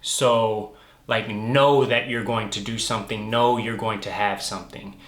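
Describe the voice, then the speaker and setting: A man's voice: lowish voice, steady tone, a little slow, a bit bright, reverberant. A man vlogging in a casual, enthusiastic way, loose and chatty and full of "like". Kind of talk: casual chat to camera. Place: lives in London.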